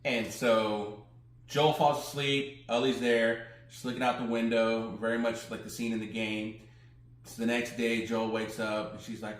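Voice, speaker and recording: Recapping a TV episode with loose quotes from its characters, a male podcast co-host talks a little slowly in a medium-pitched, level voice. The casual chat is recorded with a roomy echo.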